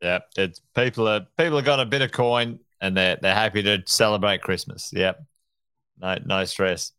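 A man's voice: on the low side, normal speed, bright, forceful tone, clean tone, no room sound. A man co-hosting a podcast, chatting casually in a friendly, hesitant way with lots of fillers. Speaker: co-host.

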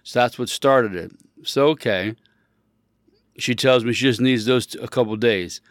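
A man of middling pitch hosts a casual show and tells a long, rambling story. He stops to fix his own words and gets emphatic when he makes his point. The recording is dry, with no room sound. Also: normal speed, no room sound. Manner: rambling, self-correcting; animated, emphatic when riled up.

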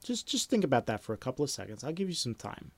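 A man teaching a class, reading film anecdotes aloud in a lively storytelling manner and acting out little sound effects. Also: medium pitch, fast. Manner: animated storyteller, acts out sound effects, repeats himself. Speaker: screenwriting teacher.

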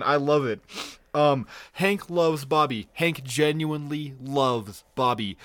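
A man's voice: on the high side, takes it slowly, a bit bright, no room sound. Man on a podcast, dry close sound. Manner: laughing, swearing, fond. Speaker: podcast co-host. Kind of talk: casual chat.

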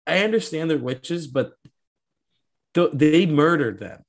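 A man co-hosting a casual movie discussion podcast, animated and laughing often as he acts out scenes. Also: fairly high pitch, moderate pace. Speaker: podcast co-host.

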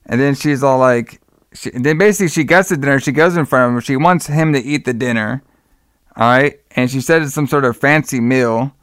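Speaking briskly in a medium-pitched voice that is clean and a bit bright, this man is captured in a dry, studio-quality recording. He rambles through the story of a movie in casual conversation, performing quotes as he goes. "All right" comes up again and again.

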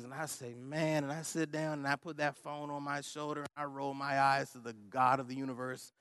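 A man's voice: mid-range voice, flat delivery, brisk, few pauses, fairly bright tone, clean tone, no echo, clean studio sound. A middle-aged man preaching a sermon, telling a personal story in a humorous, conversational way and laughing often. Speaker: pastor.

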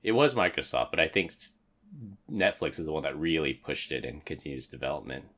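A man's voice: a bass voice, animated, fairly quick, fairly bright tone. A man co-hosting a podcast, chatting casually about tech and telling anecdotes. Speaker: podcast co-host.

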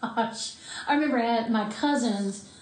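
A woman's voice: on the high side, unhurried. A middle-aged woman, co-hosting a casual podcast chat and telling stories with a laugh. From Appalachian United States. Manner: chatty, laughing storyteller. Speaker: podcast co-host. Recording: roomy echo.

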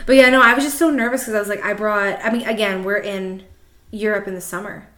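A woman's voice: medium pitch, steady tone, fast talker, sharp tone. A woman co-hosting a podcast in casual chat, often laughing and reacting in disbelief. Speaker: podcast co-host. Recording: roomy echo.

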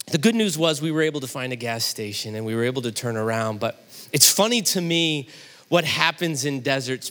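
A middle-aged man preaches with a high-pitched voice. He tells a personal story, playing both sides of the conversation, and then moves into his message. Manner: animated storyteller, acting out both sides of a dialogue. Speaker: pastor.

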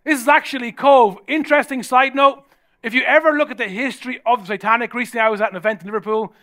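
Irish male pastor, middle-aged, lively humorous preacher with a high-set voice. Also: fast talker. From Ireland. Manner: humorous, energetic preaching with jokes and rising shouts. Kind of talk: sermon.

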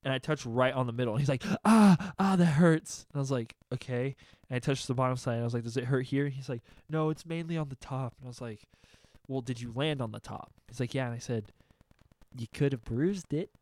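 A man's voice: medium pitch, steady tone, fast talker, a little mellow, dry recording. A young man telling a funny story in casual chat, acting out his friends' voices and laughing often.

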